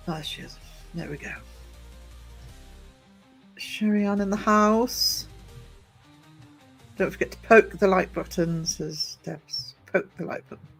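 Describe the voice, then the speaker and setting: A high-voiced man livestreams from the gym, sounding a bit worn out and low on energy as faint music plays behind him. He casually reads out viewer comments, greeting people one by one with chatty teasing and easy laughter.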